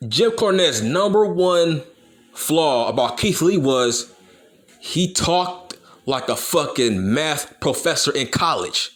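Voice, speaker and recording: A man on a solo commentary video, going off in a heated and profane rant. His voice sits a bit high for a man and swings up and down a lot as he hammers each point over and over. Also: sing-song, takes it slowly, a bit bright. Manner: heated, profane, repeats himself for emphasis. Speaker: wrestling YouTuber. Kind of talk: profane opinion rant to camera.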